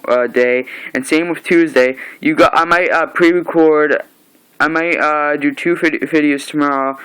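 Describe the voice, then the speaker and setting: A man's voice: mid-range voice, a bit bright, clear, resonant tone, rough recording. A young man recapping a comic book issue in a casual vlog, rambling and restarting as he retells scenes. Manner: rambling, loose retelling with many restarts and "he's like".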